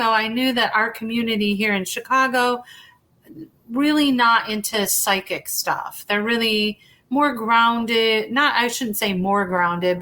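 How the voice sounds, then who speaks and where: A woman's voice: a little high, bright, forceful tone. A woman hypnotherapist telling her story in a casual interview, chatty, often restarting sentences and acting out the dialogue she quotes.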